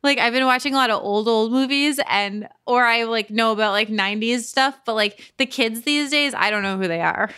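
Female co-host, loose and chatty, filler-heavy; bright, fairly high voice. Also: moderate pace, few pauses, clear, resonant tone. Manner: loose, rambling, lots of "like". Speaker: podcast co-host. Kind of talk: casual book chat.

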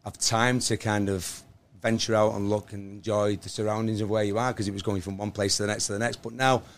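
An English man speaks as a guest in a relaxed chat. He is reflective and agreeable, and his voice sits on the low side. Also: brisk. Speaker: guest musician. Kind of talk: casual chat.

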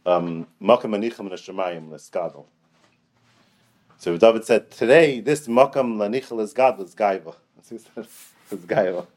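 A middle-aged man giving a storytelling Torah class in an animated way, often repeating his phrases and chuckling. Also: lowish voice, normal speed. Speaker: Torah teacher.

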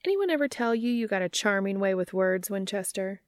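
A woman's voice: mid-range voice, lively intonation, fairly quick, no echo, studio quality, natural voice. A woman doing a brash teasing young barmaid. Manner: teasing, blunt.

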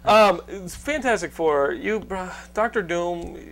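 A man's voice: high voice, slow pace, vocal fry, a bit bright. A man hosting a podcast in casual interview chat, joking and rambling with stammered restarts. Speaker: podcast host.

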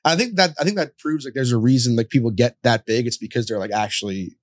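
Fast-talking young man telling stories. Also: medium pitch, dry recording, clean studio sound. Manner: rapid storytelling with lots of fillers and swearing. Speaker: podcast guest. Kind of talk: casual chat.

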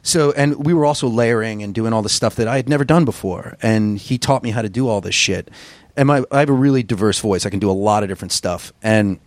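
Gruff, rambling man musician. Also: on the low side, quick pace, no room sound. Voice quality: gruff singer's voice. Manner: rambling, profane, self-deprecating storyteller. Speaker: musician guest. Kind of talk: casual interview chat.

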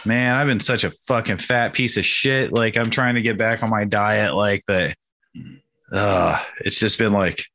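A man in his thirties talks in a very low voice with a bright, forceful edge. He rambles through casual podcast chat, swearing often and leaning on "like" fillers. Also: steady tone, unhurried. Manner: rambling, profane, many "like" fillers. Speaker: podcast co-host.

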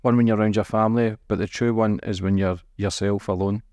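A man from Glasgow with a Glaswegian Scottish accent, hosting a casual podcast chat in a relaxed, teasing way. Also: fairly low pitch, no room sound, studio quality. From Glasgow, Scotland. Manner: relaxed, teasing, quick backchannel replies. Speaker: podcast host.

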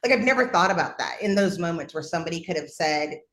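A woman co-hosting a podcast, chatty and animated, often laughing. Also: lowish voice, fast talker, reverberant. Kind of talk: podcast conversation.

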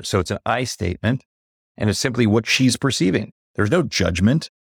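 A man being interviewed as an executive coach on a podcast, speaking candidly and reflectively, slowing down on key points and growing animated as he recounts a story. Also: on the low side, gravelly, no room sound, studio quality. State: briefly emotional.

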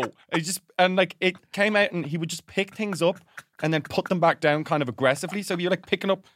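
A man, co-hosting a podcast and telling animated anecdotes in casual chat. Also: a little high, fast talker, no room sound, studio quality. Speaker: podcast co-host.

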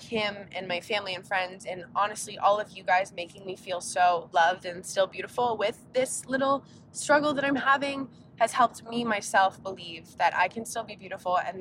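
A young woman hosting a casual solo podcast while driving, rambling and interrupting herself, sounding a little sick and tired. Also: a bit bright. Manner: rambling, chatty, self-interrupting. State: sick, yawning. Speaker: podcast host. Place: inside a car on a road trip. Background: faint road rumble.

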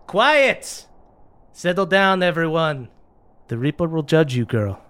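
A man's voice: sing-song, a bit bright, clean tone, full character voice. A man voicing a stern, fearful zealot father who condemns his daughter, in a tabletop game. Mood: commanding. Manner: grave, low and halting.

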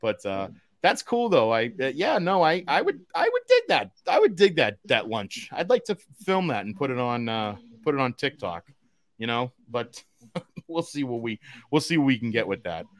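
A man's voice: medium pitch, moderate pace, no echo. A man hosting a podcast, telling stories with lots of laughter and acted-out quotes. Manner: animated storyteller, laughs often, acts out quotes. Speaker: podcast host. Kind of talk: casual chat.

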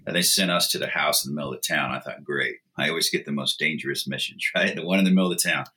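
A man's voice: rumbling low, very fast. A middle-aged man, an army veteran, telling a war story in casual chat and acting out the voices of people in it. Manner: animated, acts out quoted dialogue.

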